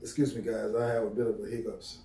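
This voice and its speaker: A man's voice: fairly low pitch, quick pace, recorded from a distance, slight background noise. A middle-aged man, casually telling profane stories to his viewers and acting out the quotes. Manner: animated storytelling, profane, acts out quotes. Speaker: vlogger. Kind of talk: casual storytelling to camera. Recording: echoey room, voice off-mic.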